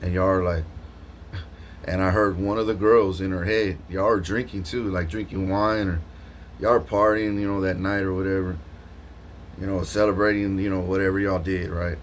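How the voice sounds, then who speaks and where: Vlogger guy, lowish voice, rambling and slangy, laughs a lot, faint hiss behind. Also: normal speed. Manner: animated, laughs often, slangy, lots of restarts. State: just woke up from a nap. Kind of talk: rambling casual monologue to camera.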